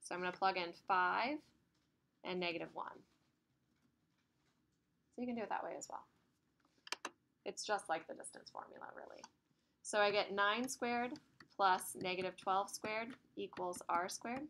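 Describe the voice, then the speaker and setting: A woman's voice: medium pitch, moderate pace, pauses often, fairly bright tone. Woman math teacher, casual classroom lecture, chatty, with a faint hiss behind her. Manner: chatty, laughs while telling stories.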